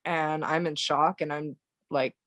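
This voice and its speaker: Woman, American accent, young, halting recollection, dry close mic. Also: sits low, fairly even intonation, fairly bright tone, no room sound. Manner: halting, many fillers and restarts. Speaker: podcast guest. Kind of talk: emotional personal recollection.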